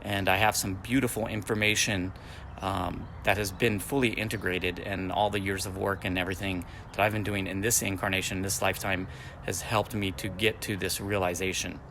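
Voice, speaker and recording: A spiritual teacher in his forties speaks in a fairly low voice, repeating phrases like affirmations as he teaches. A faint hum of passing traffic sits under his voice. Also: flat delivery, moderate pace, a bit bright. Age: 40s.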